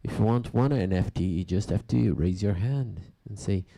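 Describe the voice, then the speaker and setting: A man hosts a music show in a low, gravelly voice with a very dark, mellow tone. He chats loosely between tracks, stopping and restarting often and filling gaps with plenty of ums and uhs. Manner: halting, loose talk with many fillers and restarts. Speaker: radio and podcast DJ host. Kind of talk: casual chat between tracks.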